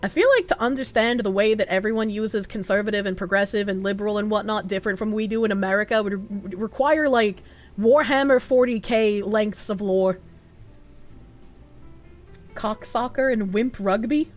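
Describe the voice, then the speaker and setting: A woman's voice: medium pitch, moderate pace. A young woman with a Boston accent, chatting bluntly and with plenty of profanity as she reads out her stream chat. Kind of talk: casual livestream chat.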